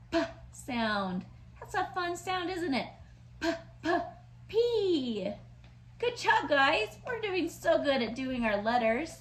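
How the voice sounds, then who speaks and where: A woman teaching letters and sounds to young children in a slow, sing-song voice with exaggerated sounds. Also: sits high. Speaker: preschool teacher. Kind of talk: online lesson for young children. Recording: echoey room with faint noise.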